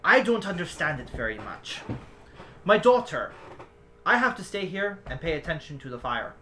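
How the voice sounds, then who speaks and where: A woman doing a proud owl-cloaked guardian of a camp in a tabletop game, speaking in a jumbled put-on accent that drifts between places. The voice is low-set but swings widely, theatrical and indignant. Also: big pitch swings, normal speed, fairly bright tone, a little hiss or hum. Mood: earnest.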